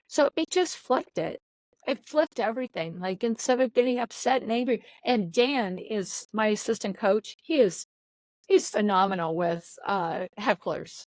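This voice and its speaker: A woman's voice: mid-range voice, slow pace, no room sound, poor audio. A middle-aged woman coach talking earnestly in an interview, often repeating words as she searches for her phrasing. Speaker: volleyball coach. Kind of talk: podcast interview.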